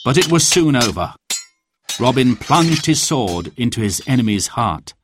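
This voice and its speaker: Slow, expressive male storyteller. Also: mid-range voice, noisy background. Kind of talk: storybook reading.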